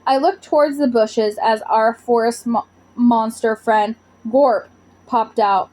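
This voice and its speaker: A woman reading a children's storybook aloud with expressive narration. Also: fairly high pitch, takes it slowly. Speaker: audiobook reader.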